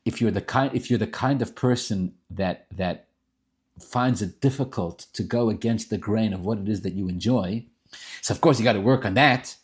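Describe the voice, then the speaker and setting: Animated man teaching a Torah class. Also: lowish voice, normal speed. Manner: animated, rising emphatic bursts, many restarts; sprinkles Yiddish and Hebrew terms. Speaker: rabbi teaching Tanya.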